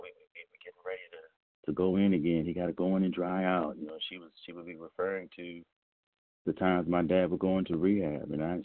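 A man from South Carolina reading aloud and then sharing his story in a halting way, with many restarts. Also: low voice, husky, dry recording. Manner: halting, frequent "you know" and restarts. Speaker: meeting reader and sharer. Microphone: phone. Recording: tinny phone line.

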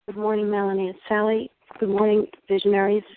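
A woman from South Jersey sharing at a recovery meeting, reading passages aloud and explaining them in a measured way. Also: medium pitch, monotone, slight background noise. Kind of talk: personal share at a phone recovery meeting. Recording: tinny dry phone line.

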